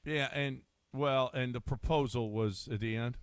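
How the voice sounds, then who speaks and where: A man's voice: mid-range voice, fairly even intonation, normal speed, clear, resonant tone, dry recording, studio quality. A man co-hosting sports radio, chiming in with short agreeing replies in casual banter. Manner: brief agreeing replies, then announces the break.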